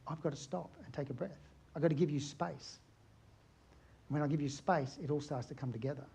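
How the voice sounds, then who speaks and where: A middle-aged man from Australia speaks at a photography conference, an aerial photographer telling stories. His voice sits a little high, and his manner is chatty and anecdotal, turning to the audience with questions. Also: fairly quick, gravelly, dark tone, husky. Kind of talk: conference talk to a live audience.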